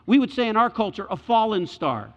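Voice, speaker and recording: A man preaching a sermon, animated, acting out quoted voices and climbing high when excited. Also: brisk. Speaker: pastor. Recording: dull sound with long hall reverb.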